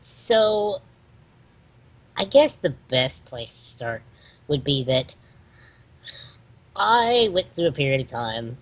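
A man co-hosting a casual chat, talking hesitantly with frequent ums while telling a personal story. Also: medium pitch. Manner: hesitant, filler-heavy storytelling. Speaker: podcast co-host.

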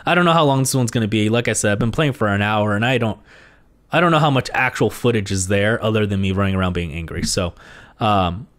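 A man giving let's play commentary as a gaming host, frustrated, swearing constantly and yelling at the game. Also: lowish voice, fast talker. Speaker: gaming YouTuber.

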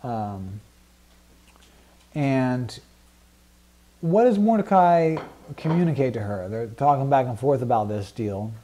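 A man's voice: medium pitch, expressive, slow, pauses often, dark tone, a little hiss or hum. A man teaching a Bible study group in a casual, conversational way, with many fillers and frequent questions to the class.

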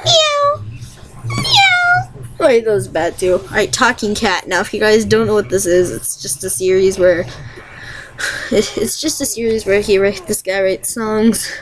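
A young woman chatting casually and rambling through an impression challenge, self-deprecating between attempts. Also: mid-range voice. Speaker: youtuber doing impressions.

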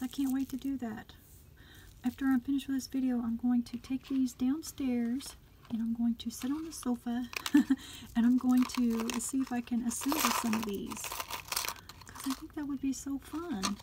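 A woman, chatting through an unboxing of craft gifts at home, gushing and often murmuring asides softly. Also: a little high, slight background noise. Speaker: craft vlogger.

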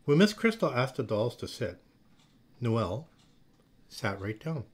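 A man reads a children's storybook aloud at an unhurried, gentle pace. His pitch rises and falls a great deal as he tells the tale. The reading is expressive and easy to follow. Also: slightly rough. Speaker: storybook reader.

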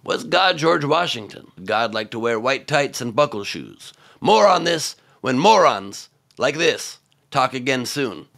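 A man hosting scripted comedic political commentary, sarcastic and mocking, with sudden loud outbursts. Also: medium pitch, sing-song, measured pace, creaky.

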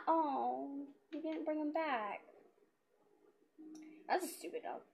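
Quiet woman talking over her game, high voice, slow and um-y. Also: gravelly. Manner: quiet, hesitant, many ums. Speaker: gamer. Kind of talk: casual let's-play commentary.

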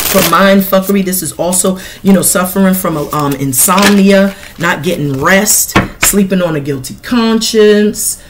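A woman's voice: fairly low pitch, background noise. Blunt, profane middle-aged woman reading tarot. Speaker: tarot reader.

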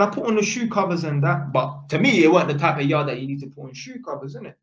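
A man telling a story in a casual, animated way, full of street slang and tag questions. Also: fairly high pitch, fast talker. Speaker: vlogger. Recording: echoey room, dull lo-fi sound.

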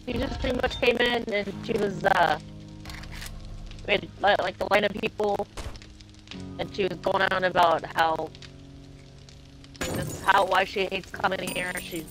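A woman's voice: medium pitch, fairly even intonation, unhurried, pauses often, fairly bright tone, faint music behind, low-quality recording. A young woman streaming a game, telling a story in a chatty, filler-heavy way. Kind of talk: casual chat while gaming.

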